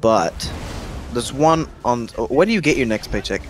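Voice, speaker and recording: A man streaming a game, chatting casually and giving relaxed hardware advice, swearing now and then. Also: mid-range voice, moderate pace.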